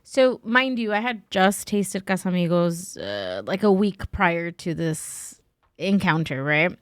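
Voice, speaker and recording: Woman podcast guest, chatty storyteller, dry close sound, quotes people with lively voices. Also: lowish voice, slow, clear, resonant tone, no echo. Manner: says "like" and "right?" a lot. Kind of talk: casual chat.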